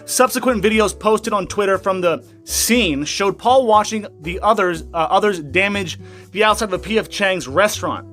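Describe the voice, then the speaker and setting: A man's voice: high-pitched, normal speed, a bit bright, faint music behind. A young man ranting angrily through a news commentary, swearing and sarcastic as he reads out and mocks an article. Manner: profane, angry, sarcastic ranting. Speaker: commentary YouTuber.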